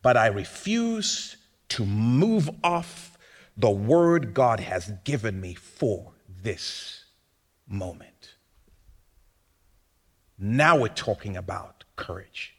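A man delivering a sermon at a slow, deliberate pace. His pitch moves widely as he shifts from hushed lines to sudden loud bursts. He talks conversationally and poses rhetorical questions to his listeners. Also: big pitch swings. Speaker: pastor.

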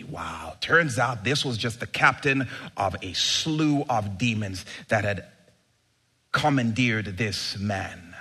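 A male pastor preaching a sermon in an animated, emphatic way, with sudden bursts of excitement. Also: lowish voice, takes it slowly, slightly rough.

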